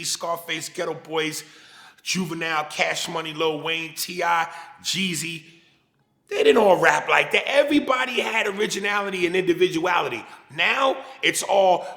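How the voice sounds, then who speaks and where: Ranting New York comedian, bright and gravelly. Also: male voice, high voice, roomy sound. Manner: animated, profane comedic ranting. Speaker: comedian guest. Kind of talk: casual interview.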